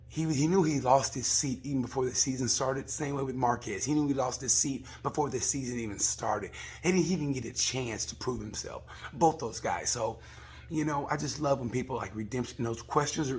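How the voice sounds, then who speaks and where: A man, a comedian, rambling through a casual comic review of a race, swearing and acting out people in quick asides. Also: medium pitch, slightly rough. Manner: rambling, profane, acts out voices in quick asides.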